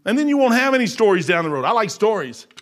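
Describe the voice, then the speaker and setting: A man preaching a folksy, animated sermon, acting out voices and laughing as he goes. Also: sits high, fast talker. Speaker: lay preacher.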